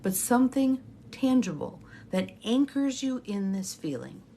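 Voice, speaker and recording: Slow, soft-spoken woman guiding a meditation. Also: a little high, very animated, a little hiss or hum. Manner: soft, slow, often breathy and half-whispered. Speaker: intuitive guidance coach. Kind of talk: guided imagery meditation.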